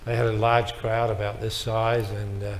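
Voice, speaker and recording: A man's voice: lowish voice, level tone, normal speed. A man speaking to a live audience as a motivational speaker, telling stories with emphatic, punchy one-liners. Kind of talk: storytelling speech to an audience. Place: large hall with a live audience. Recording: reverberant hall with faint noise.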